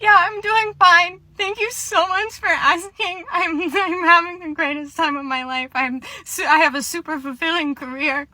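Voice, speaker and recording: A woman's voice: high voice, brisk, bright, forceful tone, no room sound, voice pushed up. A woman playing a flustered, apologetic store manager. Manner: apologetic, nervous, filler-heavy. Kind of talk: comedy skit role-play.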